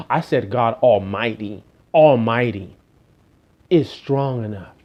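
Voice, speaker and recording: A man preaching a storytelling sermon, dramatic, slowing down and dropping to a hush for emphasis. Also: mid-range voice, dull audio.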